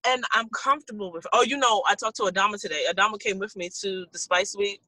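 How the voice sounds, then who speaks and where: A woman co-hosting a casual chat, telling stories in an animated way and laughing often. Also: medium pitch, fast, dry recording, poor audio.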